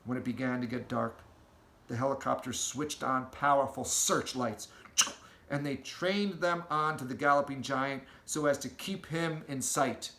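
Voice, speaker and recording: A man reading a children's storybook aloud with an expressive, storytelling delivery, in an echoey room. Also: mid-range voice, measured pace, vocal fry. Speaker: audiobook reader.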